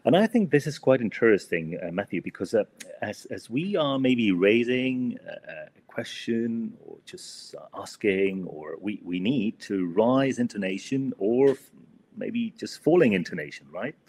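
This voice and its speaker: A man's voice: on the low side, animated, unhurried, a little mellow, breathy edge. A man teaching English grammar in a casual podcast chat, hesitant, full of fillers and "no?" tags. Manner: hesitant, many fillers, ends with "no?".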